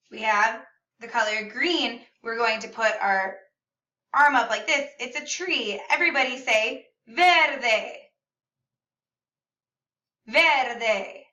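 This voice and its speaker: A Spanish teacher with a bright, rather high voice gives a video lesson for kids, upbeat and slow, enunciating clearly and modeling words for them to repeat. She's in a classroom or a room at home, recorded slightly far from the mic in an echoey space.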